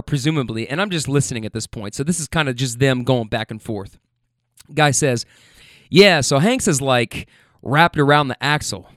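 A man's voice: medium pitch, no room sound, studio quality. A young man casually telling a funny story about his passengers, acting out their lines and laughing as he goes. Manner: animated, acts out the passengers' voices with quoted lines and laughs.

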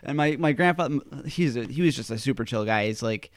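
A man's voice: medium pitch, brisk, no room sound, studio quality. A man telling a family story in casual podcast chat, rambling with plenty of fillers. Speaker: podcast host.

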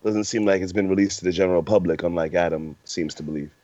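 A man's voice: sits low, fast, dark tone, dry recording. A man co-hosting a podcast in casual banter, reading a news item aloud with stumbles and playful boasting. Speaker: podcast co-host. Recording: muffled lo-fi dry recording.

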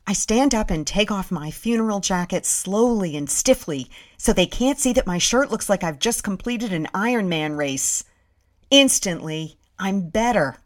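A woman's voice: medium pitch, expressive, measured pace. Female host, 50s, reading her own essay with dry, self-mocking wit. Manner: wry, self-mocking storytelling. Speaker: podcast host and narrator. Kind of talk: reading a personal essay aloud.

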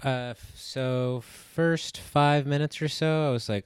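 A man's voice: mid-range voice, fairly even intonation, slow pace, smooth, no room sound. A man giving his take in a casual movie review chat, hesitant and full of ums and likes. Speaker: podcast co-host.

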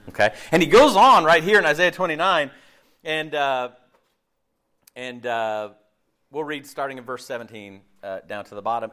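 Lively, bright-voiced male preacher. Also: medium pitch, moderate pace. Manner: joking, animated, asks the room questions. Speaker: minister. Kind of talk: conversational sermon.

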